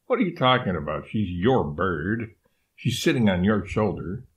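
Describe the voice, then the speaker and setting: A man's voice: lowish voice, very animated, normal speed. A man voicing a greedy male vivisector who haggles insistently to buy an animal, in a storybook reading. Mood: demanding. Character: greedy pushy male vivisector, a mad scientist.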